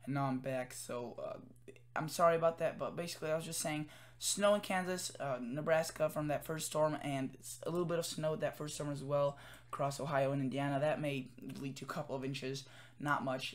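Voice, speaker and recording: A tired man giving a casual weather forecast from home, rambling with many fillers and self-corrections. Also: medium pitch. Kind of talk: casual forecast commentary over screen.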